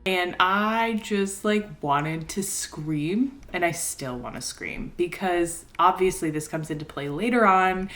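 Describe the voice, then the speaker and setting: A young adult woman with a slightly low-pitched voice talks through a casual reading vlog. She rambles and gets excited, and laughter runs through her talk. She records at home. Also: slow, few pauses. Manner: chatty, excitable, laughs often, rambling asides. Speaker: book vlogger. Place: home, indoors.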